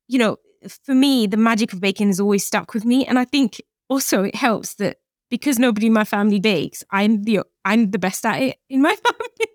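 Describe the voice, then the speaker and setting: A woman's slightly high voice belongs to a British chef and author in her late 30s, talking as a guest on a conversational podcast. She tells animated stories and plays out the dialogue in them. The close, dry recording has no room sound.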